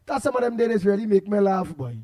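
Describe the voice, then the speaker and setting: High-voiced Trinidadian man radio host. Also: fast talker. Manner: animated, repetitive, laughs often, loud outbursts. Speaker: radio talk show host. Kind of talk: casual radio chat reading listener comments.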